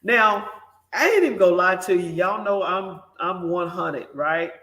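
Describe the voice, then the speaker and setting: A woman host shares a personal story at an easy, unhurried pace. She talks with animated emphasis, turning often to address her audience. Her voice rings in a roomy, echoing space. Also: fairly low pitch. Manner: animated, emphatic, speaks directly to listeners. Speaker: morning show host. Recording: roomy echo.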